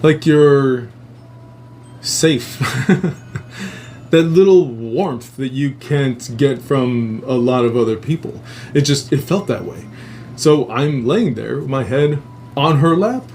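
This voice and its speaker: A man hosting a live show, telling a dream story in a profane, rambling, animated way. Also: medium pitch, slow pace, slight background noise. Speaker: host. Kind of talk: casual storytelling.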